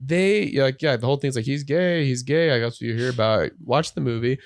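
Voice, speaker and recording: A male podcast host talking in a loose, rambling way, leaning on "like" as he goes. He slips into quoted voices as he retells things. His mid-pitched voice sits in a dry, close-miked sound with no room echo. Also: fairly quick. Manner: rambling, heavy use of "like". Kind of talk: casual podcast chat.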